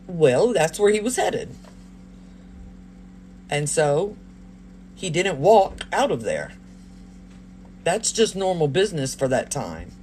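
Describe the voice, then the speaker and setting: An adult livestreamer who is a parent of a child tells a story casually to a live audience in a mid-range voice, speaking slowly with long pauses. They're animated, laugh often, and act out other people's lines, with slight background noise present.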